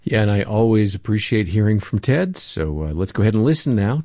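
A man introducing a radio program and its guest in a smooth announcer style. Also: on the low side, big pitch swings, a little fast, warm tone. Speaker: radio show co-host. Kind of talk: scripted broadcast introduction. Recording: studio voice with music bed.

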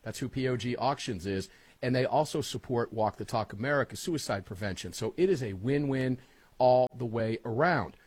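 A middle-aged man hosting a talk radio show, with brash, rapid-fire promotional patter. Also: medium pitch, darkish tone, slightly rough, dry recording.

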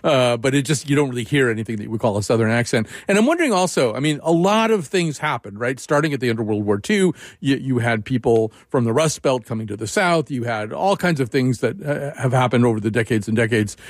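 A man's voice: mid-range voice, expressive, quick pace, few pauses, no room sound, clean studio sound. A man hosting a radio interview, talking casually and introducing audio clips. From Northern US. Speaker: radio host.

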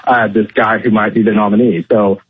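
A man calling in to a radio show as a political commentator, talking in measured turns with many fillers. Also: fairly low pitch, fairly even intonation, husky. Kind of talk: talk radio phone interview. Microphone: telephone. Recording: tinny dry phone line.

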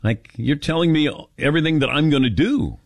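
A man in his fifties hosting a call-in radio show, animated and joking at his own expense. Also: on the high side, a little fast, no room sound. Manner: animated, joking, self-mocking. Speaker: radio host.

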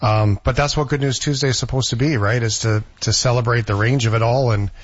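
A man's voice: medium pitch, fairly even intonation, a little fast, husky, dull audio. A man hosting a casual chat, reflective and easygoing. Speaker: host.

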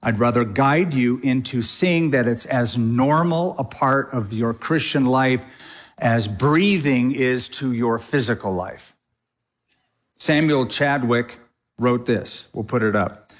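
A middle-aged man preaching a sermon to a congregation in a casual, animated way, now and then acting out other people's prayers. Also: mid-range voice, slow. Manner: animated, conversational preaching with mock quoted prayers. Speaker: pastor. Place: church sanctuary before a congregation.

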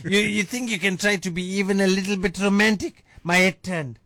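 A man's voice: high-pitched, fairly even intonation, a little fast, pushed and bright. A man voicing a gossipy middle-aged female agony aunt, giggly and theatrical, in a radio comedy sketch. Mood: dramatic. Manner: dramatic, giggly, swooping theatrical delivery.

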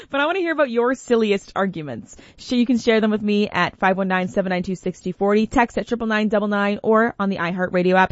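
A woman radio host chatting casually, telling a story with lots of laughs and animated quoted lines. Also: mid-range voice, fast, hardly any pauses, no echo, muffled recording.

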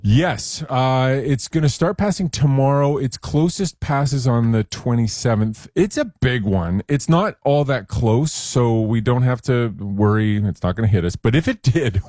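A man's voice: mid-range voice, lively intonation, measured pace, hardly any pauses, darkish tone, no room sound, clean studio sound. A man speaking as the science expert on a radio talk show, explaining things in a casual, chatty way with small jokes.

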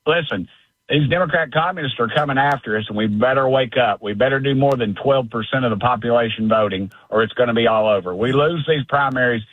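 A man's voice: medium pitch, fairly quick. A man, a congressman calling in, talking politics in a blunt, folksy, indignant way over the telephone. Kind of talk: fiery phone-in political talk. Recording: tinny phone line.

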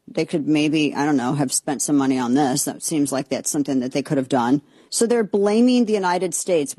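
A woman's voice: low voice, mellow, no echo. A woman hosting a commentary show, giving heated political opinions in a rambling way with frequent restarts and exasperated outbursts.

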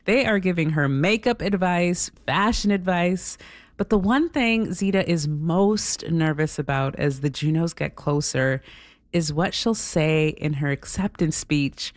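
A woman co-hosting a radio show, introducing segments and interviewing in a relaxed, playful way. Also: on the low side, unhurried, no room sound.

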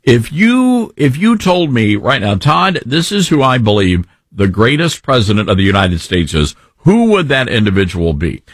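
A man hosting a call-in talk radio show, animated and jokey, often repeating his words as he talks into a studio mic. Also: medium pitch, normal speed, few pauses, no room sound.

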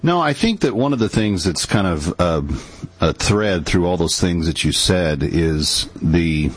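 A man's voice: deep voice, animated, measured pace, slightly rough, dry recording. A man co-hosting a talk show, answering in a casual, hesitant way with frequent restarts. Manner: hesitant, restarts words while thinking aloud. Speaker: co-host. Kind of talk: casual conversation.

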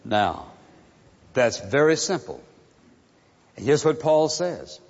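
A male pastor delivers a sermon in a slow, emphatic cadence and leans on repeated phrases. His voice sits in an ordinary middle pitch. The sound is a little muffled and rings with the long reverb of a large hall. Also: big pitch swings.

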